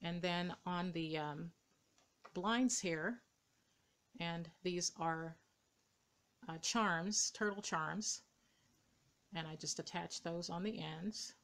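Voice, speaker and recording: A woman's voice: fairly low pitch, slow pace, pauses often, a bit bright. A woman showing her dollhouse rooms in a casual, hesitant narration full of ums and uhs, filmed indoors on a camera mic. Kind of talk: casual show-and-tell narration. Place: indoors beside a dollhouse, camera moved by hand.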